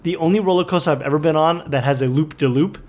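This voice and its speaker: A man's voice: fairly high pitch, quick pace, darkish tone. Sarcastic, joking man co-hosting. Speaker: podcast co-host. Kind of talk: casual chat.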